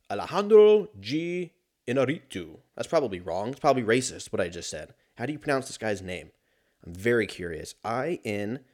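Profane rambling man on a podcast. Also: on the low side. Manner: rambling, profane, self-mocking, laughs at own jokes. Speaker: podcast host. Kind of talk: casual solo podcast rant.

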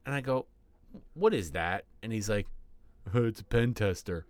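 A man's voice: on the low side, expressive, moderate pace. A man co-hosting a casual podcast, telling stories animatedly, acting out quotes and laughing often. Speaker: podcast co-host and teacher. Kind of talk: casual storytelling.

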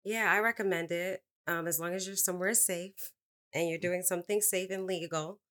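A woman with a fairly low voice co-hosting a podcast. She speaks calmly and relaxed, guiding listeners through affirmations and slow breathing. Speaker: podcast co-host. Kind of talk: leading affirmations and casual podcast talk.

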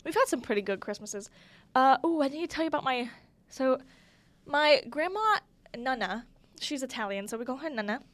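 Young female podcast host, slightly high voice, chatty and giggly storytelling. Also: lively intonation, moderate pace, a bit bright. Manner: chatty, giggly, lots of "like" fillers. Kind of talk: casual storytelling monologue.

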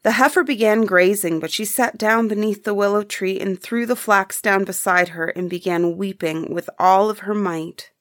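A woman reading an old folk tale aloud in an even, measured storytelling manner. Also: mid-range voice, no room sound, studio quality.

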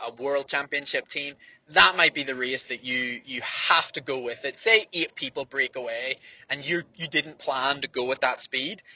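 A man's voice: fairly high pitch, sharp tone, no room sound, dull audio. A man, a distance runner, giving blunt, fired-up training advice with frequent swearing in a motivational monologue.

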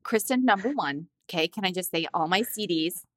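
A woman's voice: fairly low pitch, expressive, brisk, fairly bright tone, dry recording. Giggly, rambling woman podcast co-host. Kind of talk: casual chat.

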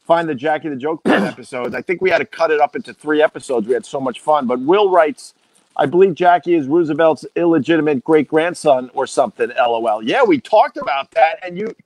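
A man's voice: fairly high pitch, expressive, brisk, a little mellow, no room sound. A man hosting a casual podcast interview, enthusiastic and encouraging his guest. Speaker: podcast host.

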